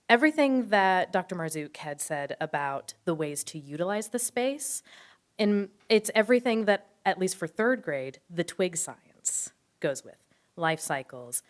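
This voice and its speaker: A woman teacher speaking earnestly and explaining at a school board meeting. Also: low voice. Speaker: third grade teacher.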